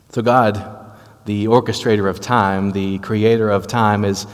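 Southern US male preacher, low voice, conversational explainer; long hall reverb. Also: level tone, moderate pace. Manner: conversational, explanatory, frequent restarts. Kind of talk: sermon-style Bible teaching.

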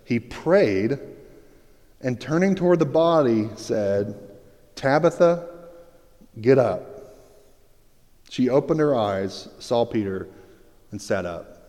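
A pastor telling a personal story in a sermon, swinging between hushed and excited. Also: male voice, medium pitch, takes it slowly. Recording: long reverb of a large hall.

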